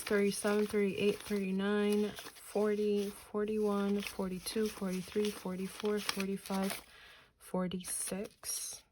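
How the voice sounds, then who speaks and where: Woman in her 30s, slow chatty vlogger counting bills, background noise and clicks. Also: medium pitch. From New Jersey, US. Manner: slow, chatty, counts money aloud, muttering asides. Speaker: budgeting channel host. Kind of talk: casual chat while counting cash.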